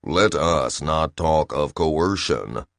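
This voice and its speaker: A man voicing a smug, sullen male ship computer that speaks slowly and with quiet menace. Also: low-pitched, dry recording, studio quality. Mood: sinister. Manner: sullen, smug, slow and measured.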